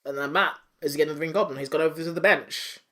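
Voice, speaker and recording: A man with a slightly high voice hosts a podcast and recaps episodes in loose, animated chat. He swears freely and slips into the characters' lines as he goes. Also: very fast. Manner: animated, profane, acts out characters while recapping. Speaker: podcast host.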